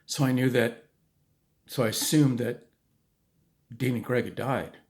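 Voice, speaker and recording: Male storyteller, gravelly low-mid voice, casual and rambling, mid-pitched. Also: measured pace, darkish tone. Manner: conversational, with frequent restarts and asides.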